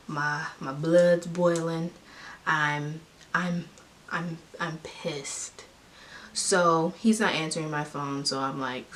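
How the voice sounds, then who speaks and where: A young woman with a low voice tells viewers a personal story, candid and emphatic. She sits a bit away from the microphone, and a faint hiss runs under the recording. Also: fairly bright tone, far from the mic. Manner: emphatic, talking straight to viewers. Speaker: vlogger.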